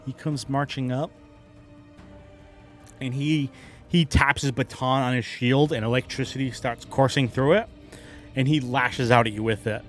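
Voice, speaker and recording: A man running a tabletop game as game master, narrating combat in a lively way and adding sound effects. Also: medium pitch, a little slow, pauses often, soft background music.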